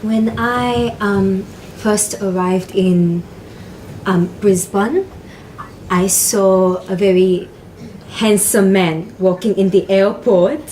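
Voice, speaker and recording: A woman's voice: medium pitch, fairly even intonation, takes it slowly, darkish tone, a little hiss or hum, natural voice, rough recording. An actress playing a young woman newly arrived, speaking hesitantly with many ums on a small live stage. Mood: fond. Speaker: stage actor in verbatim theatre.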